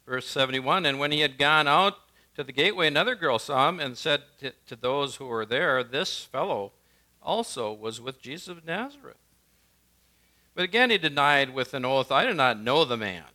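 A male pastor preaches in a clear, bright voice. His delivery swings between forceful, emphatic lines and quiet, hushed ones. His pitch sits in the middle of the male range. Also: lively intonation, moderate pace. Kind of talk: sermon.

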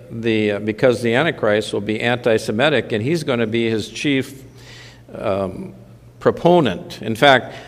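A man's voice: medium pitch, big-room sound. A man preaching a conversational sermon, with mildly sardonic asides. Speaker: pastor.

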